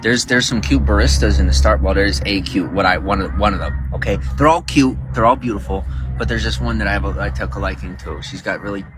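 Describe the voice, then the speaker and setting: Over music, a man with a fairly low voice talks fast with hardly any pauses, hosting a casual outdoor livestream near a coffee shop. He rambles, addresses viewers and reads their chat aloud.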